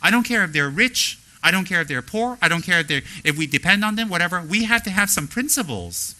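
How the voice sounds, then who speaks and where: A man teaching as a spiritual teacher, blunt and straightforward, animated as he acts out the people he talks about. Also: sits high, fairly quick, poor audio. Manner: animated, mimics people in quoted asides. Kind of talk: dharma talk.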